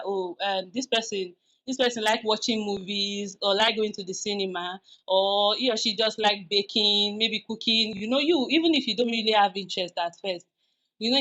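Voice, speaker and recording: A woman's voice: medium pitch, fairly bright tone, poor audio. A woman hosting a podcast, giving frank, confessional advice in a casual, rambling way with many restarts. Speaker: podcast host.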